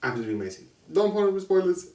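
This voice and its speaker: A man's voice: sits high, sing-song, very fast, darkish tone. A man giving a casual, rambling film review, correcting himself often and laughing between thoughts. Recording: echoey room, distant mic.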